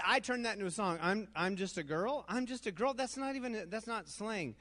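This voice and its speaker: A man's voice: high voice, lively intonation, moderate pace, few pauses, bright, forceful tone. An older man leading a youth group game, reading slang terms aloud, stumbling over them and laughing at himself. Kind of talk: playful group game in front of students.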